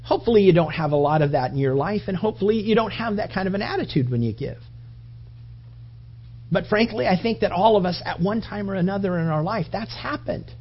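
A male preacher with a fairly high voice, delivering a loose, conversational sermon. He circles back and restarts his phrases as he talks things through with the congregation. The recording sounds dull and lo-fi. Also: expressive, fairly quick, slightly rough.

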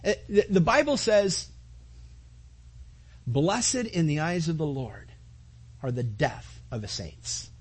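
A man's voice: fairly high pitch, animated, slow, pauses often, breathy edge. A man preaching a sermon to his congregation, earnest, with repetitions and asides to the listeners. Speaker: pastor.

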